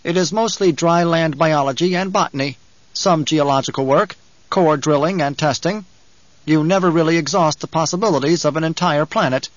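A man's voice: on the high side, normal speed, no room sound, lo-fi sound, natural voice. A man voicing a guarded male planetologist in an audiobook, curt and wary. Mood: stiff. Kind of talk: audiobook character reading.

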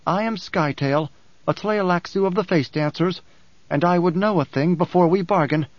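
A man's voice: high-pitched, moderate pace, no echo, muffled recording, lightly acted. A man voicing a menacing shapeshifter speaking through a stolen woman's body, gloating and bargaining.

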